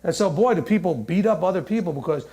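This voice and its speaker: A man with a high, very lively voice gives a teaching sermon, working through scripture verse by verse. He talks like he is chatting with his listeners, slips in jokes and keeps asking "right?" and "okay?". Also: fast. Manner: joking asides, laughing at his own humor. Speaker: Bible teacher.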